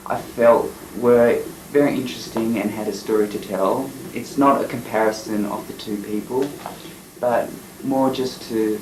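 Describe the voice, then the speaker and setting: A man's voice: medium pitch, steady tone, moderate pace, roomy sound, noisy background. A man who works as a freelance photographer, telling a story in a chatty, rambling way in an interview. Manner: rambling, chatty, with frequent fillers and laughs. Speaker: freelance photographer and documentary maker.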